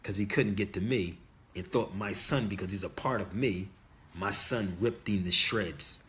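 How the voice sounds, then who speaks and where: A man's voice: low-pitched, normal speed, pushed and bright, a little hiss or hum. Emphatic middle-aged man preaching to viewers. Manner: emphatic and insistent, repeats key words, talks straight to viewers. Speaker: livestream host. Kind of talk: casual preaching monologue to viewers.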